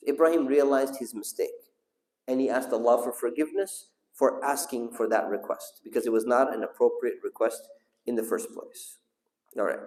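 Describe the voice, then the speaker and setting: A man leads a religious lesson, telling a story and pausing to put questions to his listeners and call on them. His voice sits at a middle pitch. The recording carries the echo of a large hall. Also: a little mellow. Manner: asks the audience questions and calls on listeners. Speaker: sheikh teaching a class. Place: mosque hall. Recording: echoey hall.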